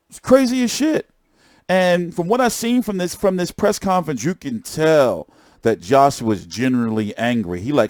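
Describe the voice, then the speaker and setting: A young man chatting casually on a stream about boxing, excitable and profane, often repeating himself. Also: high voice, moderate pace, dry recording, clean studio sound. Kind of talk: casual live-stream chat.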